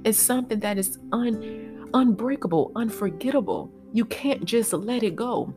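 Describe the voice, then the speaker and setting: A woman host telling a personal story in a halting, emotional way, with many fillers and restarts. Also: mid-range voice, a little mellow, faint music behind. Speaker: podcast host.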